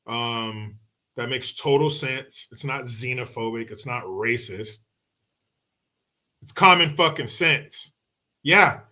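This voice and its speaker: A man's voice: mid-range voice, takes it slowly, pauses often, pushed and bright. Blunt, profane man ranting hotly. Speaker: show host. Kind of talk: opinionated political commentary.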